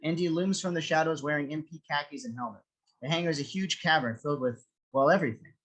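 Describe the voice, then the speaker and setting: A man narrating a script reading, with a steady, descriptive reading of the stage directions. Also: fairly high pitch, quick pace, low-quality recording.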